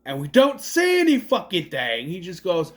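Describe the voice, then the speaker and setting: A man's voice: sits high, normal speed. A man casually recapping and reviewing a movie, swearing and mocking the scenes as he goes. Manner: animated, swears, mocks scenes in exaggerated voices.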